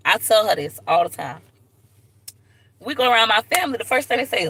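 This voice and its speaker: A young woman from Tampa chatting casually to viewers on a live video from her car, lively and direct. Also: mid-range voice, fast, breathy edge, low-quality recording. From Tampa, Florida. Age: young adult. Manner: chatty, animated, talks straight to viewers. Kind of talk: casual livestream chat. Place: in a car at a park. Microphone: phone camera.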